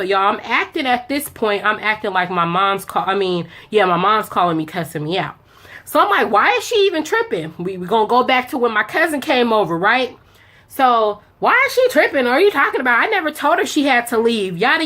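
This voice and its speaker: A woman's voice: a little high, sing-song, normal speed, fairly bright tone. A young woman chatting casually as she tells a story while doing her makeup, acting out both sides of the conversation with slang. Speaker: beauty vlogger telling a story.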